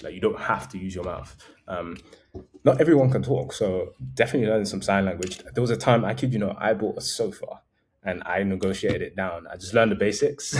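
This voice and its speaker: A man's voice: low-pitched, slight background noise. A man vlogging casual travel advice in a conversational, meandering way, often correcting himself mid-sentence.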